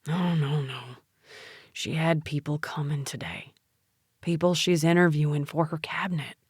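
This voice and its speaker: A woman voicing a meek, spineless middle-aged man who talks softly and sheepishly. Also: sits low, fairly even intonation, normal speed, husky, no room sound, studio quality. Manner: soft, sheepish, hushed.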